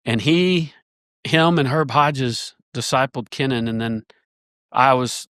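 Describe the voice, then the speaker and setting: A man, a church elder, telling a long story in a casual podcast conversation, rambling and animated with many restarts. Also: mid-range voice, slow, no echo, studio quality.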